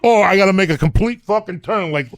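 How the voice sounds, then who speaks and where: A middle-aged man, telling crude comic stories in a loud, profane, animated way. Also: sits high, quick pace, no room sound, clean studio sound. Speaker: comedian and podcast host.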